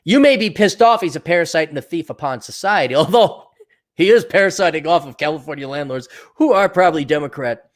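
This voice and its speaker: A man's voice: fairly high pitch, animated, brisk. Sarcastic man ranting on a livestream. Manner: mocking mimicry of others. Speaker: show host. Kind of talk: livestream rant.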